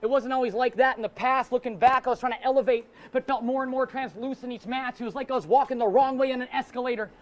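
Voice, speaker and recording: A man with a very high voice delivers a boastful, confrontational battle rap verse. He hits his opponent with wordplay and sports references. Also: fairly even intonation, fast talker, hardly any pauses. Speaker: battle rapper. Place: live rap battle event.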